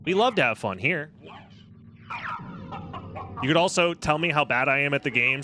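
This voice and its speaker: A young man live-streaming a game, talking casually and snarkily to chat with a bright, forceful edge to his voice. Faint game music sits underneath him. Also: fairly high pitch, expressive, normal speed, long pauses. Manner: snarky, sarcastic, swearing freely.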